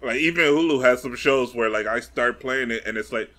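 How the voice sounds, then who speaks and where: A man co-hosting a podcast in casual chat, animated and emphatic, laughing a lot. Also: mid-range voice, a little fast, hardly any pauses. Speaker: podcast co-host.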